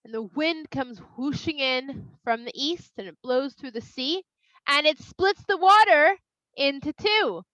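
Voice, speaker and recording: A woman tells a children's story in a high, bright voice with lively, playful delivery. The recording is dry and a little muffled. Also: a little slow, no room sound. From Toronto, Canada. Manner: animated, expressive, playful asides. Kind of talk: storytelling for kids. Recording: slightly dull, dry sound.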